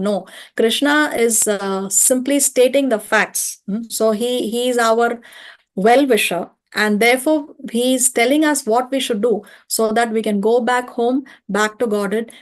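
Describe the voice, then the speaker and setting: Casting: woman, slightly high voice, calm methodical class teacher. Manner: patient, explains step by step with rhetorical checks. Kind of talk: online study-class lecture. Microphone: video call or home mic.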